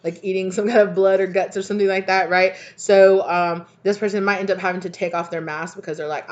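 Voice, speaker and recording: A woman's voice: fairly low pitch, fairly even intonation, fairly quick, hardly any pauses, dull audio. A woman giving a casual tarot card reading in a rambling way, with many fillers and laughs. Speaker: tarot reader.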